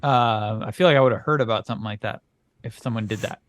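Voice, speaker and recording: A man's voice: fairly low pitch, quick pace, a bit bright, no echo. A man co-hosting a casual comedy podcast, playing the wry, skeptical straight man. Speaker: podcast co-host.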